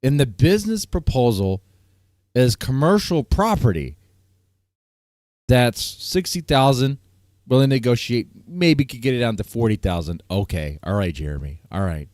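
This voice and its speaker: Animated male stream host. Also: mid-range voice, moderate pace, no echo, studio quality. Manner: animated, ranting, repeats himself, laughs a lot. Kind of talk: casual panel chat.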